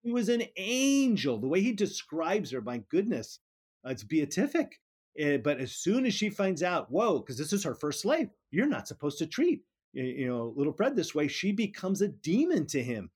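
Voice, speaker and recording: A man's voice: fairly high pitch, sing-song, moderate pace, darkish tone, husky. A middle-aged man, a politics professor, talking through ideas in an interview, often restarting and repeating words as he thinks. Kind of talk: academic interview conversation.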